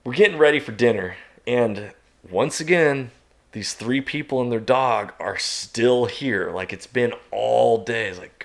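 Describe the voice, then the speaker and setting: A man, a podcast guest, telling a long outdoor story in a lively way, laughing and jumping into loud high shouts as he acts it out. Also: unhurried, vocal fry. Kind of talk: animated storytelling.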